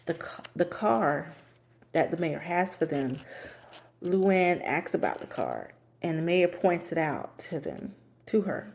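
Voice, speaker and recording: A woman's voice: fairly low pitch, big pitch swings, takes it slowly, creaky, darkish tone. A woman giving a rambling, casual recap of a TV show, with many fillers and restarts, often laughing as she talks. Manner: laughs often while talking.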